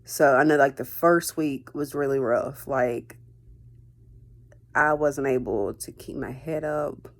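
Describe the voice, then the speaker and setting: Low-voiced woman rambling through a story. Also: takes it slowly. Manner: rambling, heavy on fillers like "like" and "um"; acts out dialogue in quotes. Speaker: vlogger. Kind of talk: casual personal storytelling.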